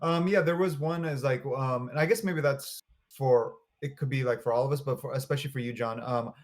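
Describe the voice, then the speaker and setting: A man's voice: mid-range voice, fairly even intonation, brisk. Hesitant man rambling on a stream. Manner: rambling, hesitant, many fillers. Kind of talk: casual livestream chat.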